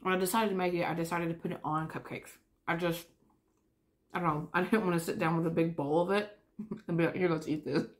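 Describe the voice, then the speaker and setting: Young woman, lower pitch, relaxed vlog chatter between bites. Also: fairly quick. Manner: chatty, talks while eating. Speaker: vlogger. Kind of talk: casual chat.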